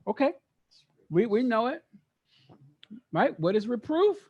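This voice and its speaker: A man leading an interactive Bible study, reading verses aloud and quizzing his group in a lively way, often repeating words for emphasis. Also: extremely high pitch, unhurried, husky, narrow, tinny audio. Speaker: teacher.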